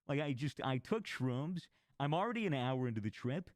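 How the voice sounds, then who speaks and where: A young man chatting casually, an animated storyteller who swears freely and acts out his friends' lines. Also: mid-range voice, moderate pace, no echo. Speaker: streamer telling stories. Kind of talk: casual chat.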